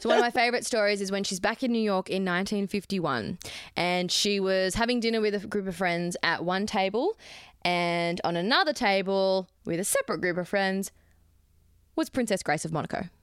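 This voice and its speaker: A woman's voice: mid-range voice, brisk, smooth, no echo, studio quality. A young woman chatting as a podcast co-host, telling a history story with playful asides. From Australia. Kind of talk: casual chat.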